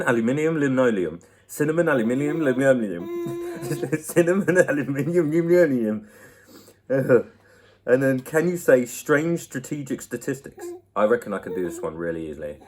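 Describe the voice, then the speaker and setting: A young man who hosts his own channel answers viewer questions into a laptop mic at home, speaking at normal speed in a medium-pitched voice with lively intonation. The chat is playful and full of laughs, and he talks to a baby too.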